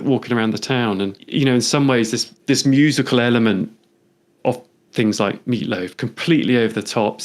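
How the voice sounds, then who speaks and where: A man, a photographer, talking through his photobook in a reflective, meandering way, thinking aloud as he goes. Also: mid-range voice. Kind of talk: conversational interview.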